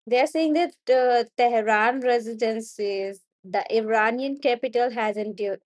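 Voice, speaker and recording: A young woman with an Indian accent reading the news aloud on a study stream, halting and stumbling over hard words and names. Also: fairly high pitch, no room sound, clean studio sound. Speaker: student streamer.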